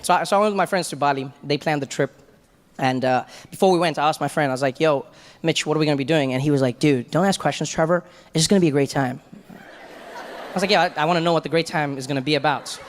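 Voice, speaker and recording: Chatty high-voiced stand-up comedian. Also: male voice, fast, big-room sound, some chatter behind, slight background noise. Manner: relaxed, chatty, acts out friends' voices. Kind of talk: stand-up storytelling.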